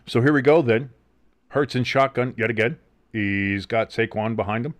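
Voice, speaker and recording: A man with a New Jersey accent hosting a casual live watch-along, calling plays with excitement, swearing and joking. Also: medium pitch, moderate pace. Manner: excited play-by-play with swearing and jokes. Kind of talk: casual live game commentary.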